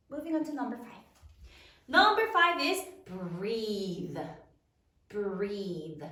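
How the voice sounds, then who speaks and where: A woman teacher walks young students through spelling, stretching each word out slowly. Her voice is bright and clear, with a lively, sing-song rise and fall. She sounds a little away from the mic in an echoey room. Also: a little high, distant mic. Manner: slow, deliberate dictation with drawn-out words. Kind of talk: spelling lesson for third graders.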